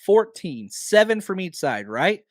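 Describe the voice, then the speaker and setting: A man hosting a casual sports podcast, animated and firing off rhetorical questions, a bit hoarse from talking a lot. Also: sits high, a little slow, dry recording, studio quality. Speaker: podcast host.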